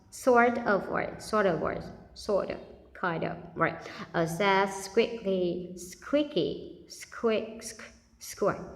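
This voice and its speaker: A woman who reads a children's story aloud and patiently stops to explain new words. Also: medium pitch. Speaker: English teacher. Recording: echoey room with long reverb.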